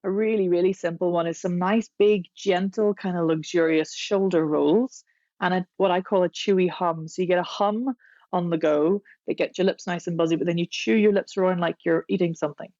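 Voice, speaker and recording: A woman voice coach speaks as a podcast guest, walking through exercises in a chatty, demonstrative manner. Her voice sits a little low. The recording is dry and dull, like lo-fi remote call audio. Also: steady tone, mellow, no room sound. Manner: chatty, demonstrative, often slows to explain. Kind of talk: podcast interview, guest explaining.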